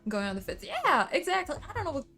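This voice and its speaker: A woman's voice: sits high, wildly swooping pitch, fast, sharp tone, faint music behind. A woman with an Italian accent, a native Italian speaker, chatting casually with her stream viewers, laughing often and swearing freely. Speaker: livestreamer.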